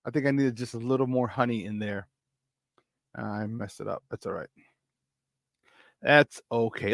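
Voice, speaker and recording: On a sports talk show, a male host with a medium-pitched, creaky voice speaks at a moderate pace with long pauses, recorded dry in studio quality. A former player, he chats casually about football, swaps locker-room stories, laughs often, and hypes things up with "baby."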